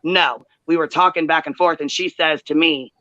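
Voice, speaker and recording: A woman hosting a livestream, telling a heated story in profane, animated detail and acting out quoted chats. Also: low voice, normal speed, no room sound. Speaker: livestream host. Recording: dull lo-fi livestream audio.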